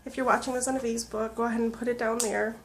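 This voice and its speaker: A woman in her thirties, tearful, talking earnestly and haltingly in a personal video diary full of fillers. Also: fairly high pitch, flat delivery, slight background noise. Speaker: vlogger.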